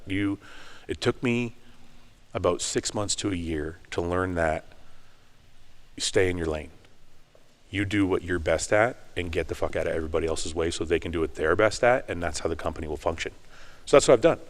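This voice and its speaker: Middle-aged man, very low voice, intense animated talker, casual interview guest. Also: normal speed. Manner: intense, animated storytelling with rising emphasis. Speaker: podcast guest, bodybuilder turned business owner. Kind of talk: candid conversational interview.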